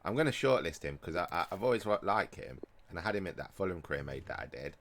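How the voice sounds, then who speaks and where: A man giving casual, excitable commentary on a football video game, bantering and laughing at the plays. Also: sits low, quick pace, a little hiss or hum. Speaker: gaming YouTuber. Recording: music playing under voice.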